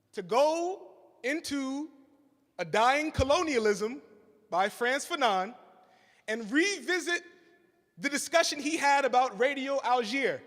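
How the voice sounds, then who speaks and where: His voice is very high and fairly bright as this male radio co-host rallies donors at a live event. Recorded in an echoing church hall, he tells a story and leads call-and-response during his fundraising speech.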